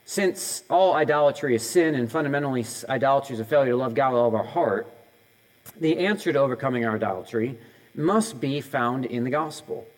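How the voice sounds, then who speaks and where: A man's voice: mid-range voice, brisk, poor audio. A middle-aged man preaching a sermon as a pastor. He talks conversationally, asks the audience many questions in a row and jokes about his own slips.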